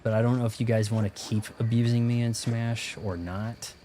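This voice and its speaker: A man's voice: mid-range voice, level tone, normal speed, warm tone, a little hiss or hum. A man streaming a video game, talking casually and rambling while joking and muttering to himself. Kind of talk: casual gameplay commentary.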